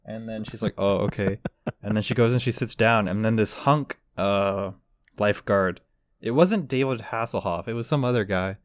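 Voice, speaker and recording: A man's voice: fairly low pitch, moderate pace, no echo. A man co-hosting a casual podcast, rambling through a story and acting out the quotes. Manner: rambling, acts out quotes with voices. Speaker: podcast co-host. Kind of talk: casual chat.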